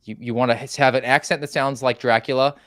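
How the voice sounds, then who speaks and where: Brief: male guest, mid-pitched voice, wry and halting, stumbles over words, dry close sound. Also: fairly even intonation, a bit bright, dry recording. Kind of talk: casual political chat.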